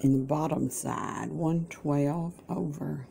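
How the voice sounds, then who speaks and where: Sitting at her breakfast table at home, a woman who vlogs about caring for her mother chats in a folksy way, dropping in religious asides. Her voice is low, gravelly, and dark, with fairly even intonation and a slow pace. A faint hiss or hum runs under the audio.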